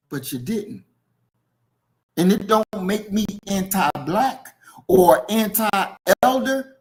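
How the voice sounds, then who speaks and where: A man hosting a casual podcast discussion about a book, speaking bluntly and forcefully and repeating points for emphasis. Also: sits high, low-quality recording.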